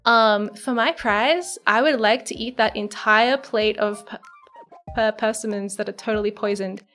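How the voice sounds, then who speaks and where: A woman's voice: medium pitch, fairly even intonation, measured pace, a bit bright, faint music behind, natural voice. A woman voicing a young noble lady in love with a prince, speaking in a polite, coy way.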